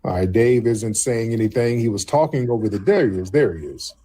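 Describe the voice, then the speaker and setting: A man hosts a live call-in stream, coaxing callers onto the line and poking fun at an angry one. His voice is husky and sits at a middle pitch. He repeats himself a lot while he waits for callers to join. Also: animated, a little fast, mellow. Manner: mocking, repeats prompts. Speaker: host.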